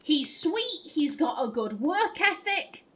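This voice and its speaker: A woman's voice: sits high, big pitch swings, takes it slowly, a bit bright, rough recording. A woman giving casual, playful gameplay commentary with jokey asides. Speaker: let's play host.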